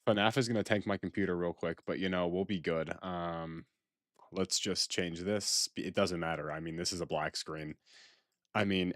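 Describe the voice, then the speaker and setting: Man, very low voice, game streamer, repetitive sarcastic rambling, dry close sound. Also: dry recording. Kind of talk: live gaming stream chat.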